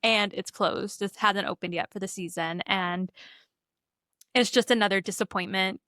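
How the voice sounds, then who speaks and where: A woman's voice: medium pitch, steady tone, normal speed, a bit bright, dry recording, studio quality. A young woman co-hosting a podcast, chatting casually and animatedly about a film and acting out the characters' lines. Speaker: podcast co-host. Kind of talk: casual chat recapping a movie.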